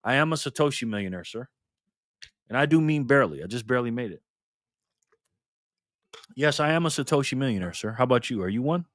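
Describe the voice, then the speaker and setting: A man's voice: mid-range voice, animated, fairly quick, pauses often, dry recording, clean studio sound. A man hosting a casual livestream, reading viewer comments aloud in a loose, laid-back way and calling people man and brother. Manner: loose, repeats and restarts phrases. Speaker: livestream host.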